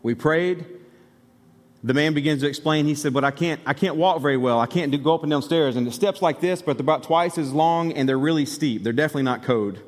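A male pastor preaching a sermon, telling a story and building to excited exhortation. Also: fairly high pitch, fairly quick, big-room sound.

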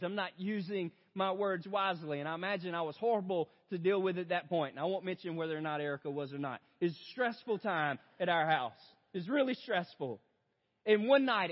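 Young male pastor telling a sermon story, loud bursts and quiet turns, slightly high pitch, dull sound. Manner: storytelling, addresses audience as "you guys"; swings from loud outbursts to hushed reflection. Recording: dull lo-fi sound in a big reverberant hall.

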